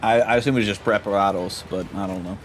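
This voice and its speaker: A man's voice: on the low side, fairly even intonation, quick pace, soft background music. A young man hosting a let's play, chatting casually in a laid-back, slangy way about his voice acting. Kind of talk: casual game commentary.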